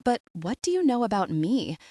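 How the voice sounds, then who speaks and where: A woman's voice: a little high, very animated, normal speed, dark tone, no echo, studio quality. A woman narrator voicing a rugged, protective young man in an audiobook, speaking firmly and directly. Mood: earnest firm. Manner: firm and direct. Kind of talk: audiobook dialogue.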